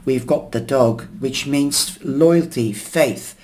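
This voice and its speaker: A man reading tea leaves and tarot, explaining each symbol unhurriedly with pauses and fillers, his voice going hoarse. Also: medium pitch, darkish tone. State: losing his voice, coughing. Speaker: tarot and tea leaf reader.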